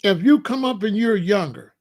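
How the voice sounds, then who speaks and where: A man's voice: sits high, animated, a little mellow. A man in his sixties hosting his own show, talking in a casual, emphatic monologue and drawing out his phrases. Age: 60s. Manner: emphatic, repetitive, drawn-out phrasing. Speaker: show host.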